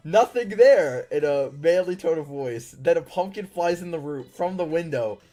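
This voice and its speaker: A man's voice: on the high side, moderate pace, warm tone, soft background music. A man casually reading viewer-submitted stories aloud, often laughing and breaking off into incredulous outbursts.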